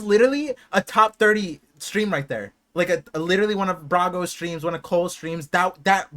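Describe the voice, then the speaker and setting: A young man streaming a live watch party, reacting with excited, emotional outbursts that swing between hushed awe and loud shouts. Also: high-pitched, fairly quick, few pauses.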